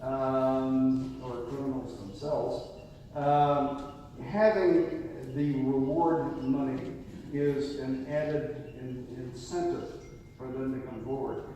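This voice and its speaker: An older man, a retired police detective, telling anecdotes in an interview, with animated delivery and frequent restarts. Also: medium pitch, slow, a little hiss or hum. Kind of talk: interview storytelling. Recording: echoey hall, far from mic.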